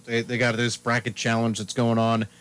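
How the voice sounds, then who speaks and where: A man on a sports radio show, talking in an easygoing, chatty way. His voice sits at an ordinary middle pitch. He rattles through his picks one after another. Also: completely flat delivery, normal speed, fairly bright tone, clear, resonant tone. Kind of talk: casual sports talk radio.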